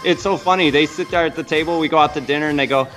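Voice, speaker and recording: Guest, man, Chicago accent, a touch high-voiced, relaxed and blunt, faint music. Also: racing. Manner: easygoing, blunt, mild swearing. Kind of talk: casual chat.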